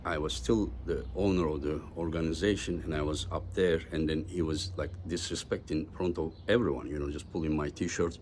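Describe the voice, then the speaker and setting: Low-voiced man with a Turkish accent. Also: a little mellow, a little hiss or hum. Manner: halting, repeats words, acts out quotes. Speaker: arm wrestling organizer, show host. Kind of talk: casual monologue, storytelling.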